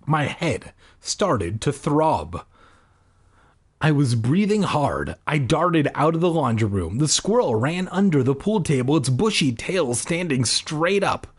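A man's voice: fairly high pitch, very animated, measured pace, husky. A man reading a children's book aloud, cutting in with sarcastic jokes. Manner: sarcastic, jokey interruptions. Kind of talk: comedic book reading with asides.

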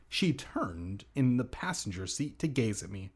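Husky man reading a storybook aloud. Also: mid-range voice, big pitch swings, measured pace. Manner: jokey asides while reading. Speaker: reader. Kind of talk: reading a children's book aloud.

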